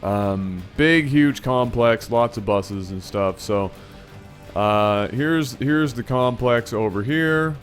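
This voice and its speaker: A man hosting his channel, telling a funny personal story in an animated, playful way, often correcting himself mid-sentence. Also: mid-range voice, takes it slowly, soft background music. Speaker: channel host. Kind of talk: storytelling vlog.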